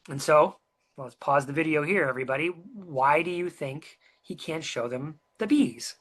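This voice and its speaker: Webinar presenter, casual storytelling, medium pitch, filler words, questions to the audience. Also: moderate pace. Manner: chatty and animated, many um and uh fillers, asks the listener questions.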